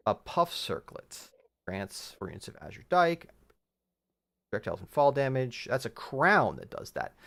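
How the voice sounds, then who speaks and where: A man streaming a video game from home, chatting casually and thinking aloud with many fillers. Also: mid-range voice. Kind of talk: casual gameplay chat.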